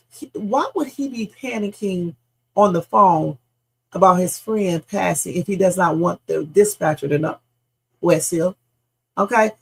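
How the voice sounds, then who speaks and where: A woman's voice: mid-range voice, creaky, slightly rough, rough recording. A woman streaming reaction commentary in a casual, blunt, opinionated way, often tossing in "okay?" and the odd swear word.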